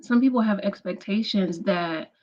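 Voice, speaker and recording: A woman's voice: medium pitch, moderate pace, darkish tone, muffled recording. A woman commenting on a clip, thinking aloud in a hesitant, casual way. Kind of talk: reaction commentary.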